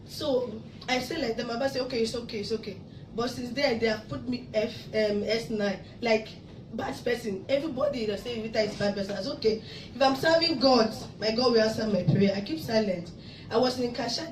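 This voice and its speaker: A high-voiced woman from Africa tells her testimony in a church hall, growing more and more emotional and rising to loud praise. She sounds far from the mic in a roomy, echoing space. Constant background noise sits under her voice. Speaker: church member giving testimony. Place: church hall in Abu Dhabi.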